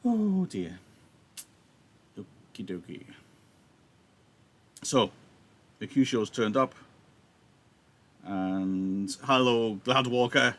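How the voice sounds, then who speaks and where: A man's voice: fairly low pitch, big pitch swings, extremely slow, pauses often, darkish tone. A male teacher, chatty and apologetic, explaining a play on a livestream through his laptop, his throat a little sore. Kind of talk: livestreamed reading lesson with analysis.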